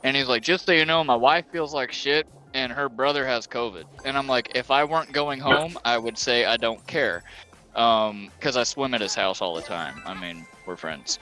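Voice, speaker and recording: A man's voice: medium pitch, moderate pace, bright, forceful tone, faint music behind. A man streaming a game and chatting casually, telling a rambling story and acting out what people said. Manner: rambling storyteller who acts out quotes. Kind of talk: casual chat while gaming.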